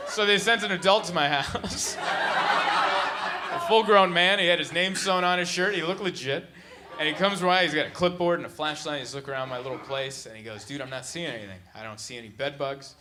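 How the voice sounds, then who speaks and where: A man's voice: fairly high pitch, fairly quick, a crowd in the background. A man performing a stand-up comedy set, telling stories and acting out the people in them. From San Diego. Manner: storytelling with acted-out voices. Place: comedy venue with laughing audience. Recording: live show with audience noise.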